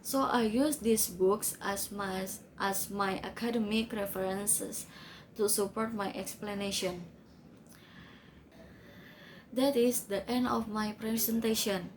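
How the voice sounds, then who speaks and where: A woman's voice: mid-range voice, fairly even intonation, unhurried, a little hiss or hum, low-quality recording. A young woman student giving a class presentation, reading carefully from her notes.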